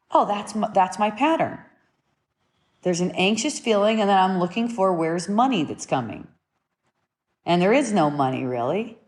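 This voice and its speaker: With a lowish, slightly mellow voice, a woman gives a spiritual talk in an unhurried, thoughtful way. She keeps rephrasing and repeating her message, sometimes pushing it home with terse commands.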